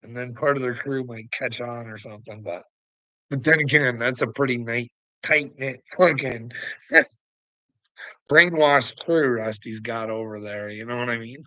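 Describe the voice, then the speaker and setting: A man hosts a casual livestream, crude and profane, laughing a lot as he teases his chat and answers viewers' comments. His medium-pitched voice is bright and forceful, a little slow, and the audio is poor with no echo.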